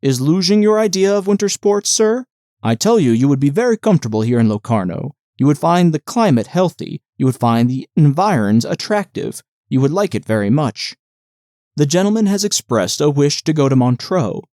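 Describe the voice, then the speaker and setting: A man's voice: medium pitch, very animated, moderate pace, a little mellow, no room sound, clean studio sound, close to an everyday voice. A man voicing a pompous, argumentative male official who insists on every detail. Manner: insistent, pedantic.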